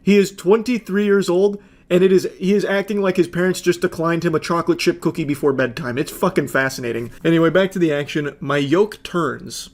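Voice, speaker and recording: A man in his thirties giving sarcastic, profane, deadpan commentary while reading text messages aloud. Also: on the high side, a little fast, few pauses. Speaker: commentary host.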